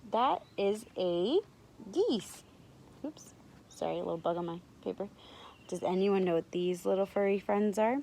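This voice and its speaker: A woman teacher reading a picture book aloud to young children, animated, stopping to ask them to guess. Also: medium pitch, a little hiss or hum, rough recording. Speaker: preschool teacher.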